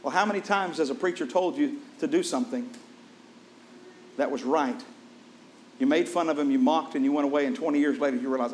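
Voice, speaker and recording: A man gives a sermon, talking a little fast but leaving long pauses as he animatedly recounts a scripture story. He puts questions to the congregation and becomes quiet and low for solemn points, with slight background noise present.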